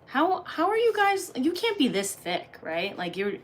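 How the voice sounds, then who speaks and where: A woman's voice: high-pitched, huge pitch swings, a little slow, a little hiss or hum. A woman livestreamer reading and answering chat in a jokey, crude, casual way. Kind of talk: casual live-stream chat.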